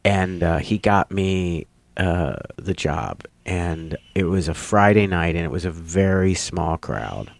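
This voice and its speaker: A man, a comedian, telling a story in casual chat, getting animated and loud as he acts out a confrontation. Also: low voice, slow pace, creaky, few pauses. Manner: animated, rising loud when acting out the confrontation. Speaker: comedian guest.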